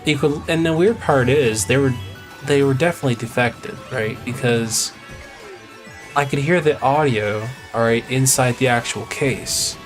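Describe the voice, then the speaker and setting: A man's voice: mid-range voice, moderate pace, faint music behind. A man live-streaming a game, telling a long rambling story in casual chat. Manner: rambling, retells conversations at length. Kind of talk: casual storytelling while gaming.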